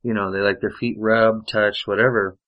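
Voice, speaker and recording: A man's voice: on the low side, little pitch movement, normal speed, dull audio. A man telling rambling, profane anecdotes in casual chat, with lots of fillers and swearing. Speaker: podcast storyteller.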